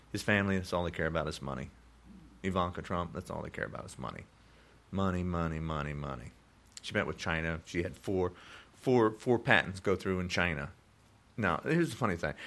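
Heated gravelly man in his sixties. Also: a bit bright. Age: 60s. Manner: heated, repetitive, swings up in pitch when indignant. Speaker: podcast host. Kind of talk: political rant podcast.

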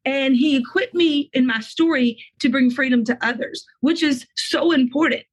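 A middle-aged woman being interviewed, telling an earnest, emotional faith testimony in quick bursts of speech. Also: high voice, low-quality recording. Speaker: guest.

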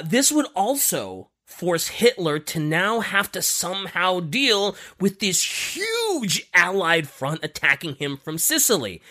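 A man's voice: high-pitched, pushed and bright. A man hosting a podcast, telling a story in casual chat with many fillers. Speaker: podcast host.

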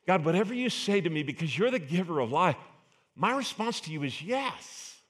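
A man's voice: on the high side, animated, a little fast. A man preaching a sermon as pastor, earnest and emphatic, asking the congregation rhetorical questions.

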